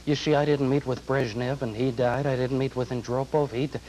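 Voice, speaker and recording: A man's voice: mid-range voice, fairly even intonation, fairly quick, darkish tone, a little hiss or hum, lightly acted, rough recording. A man in his twenties doing an impression of an older male president, joking folksily at a mock press conference. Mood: deadpan. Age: 20s.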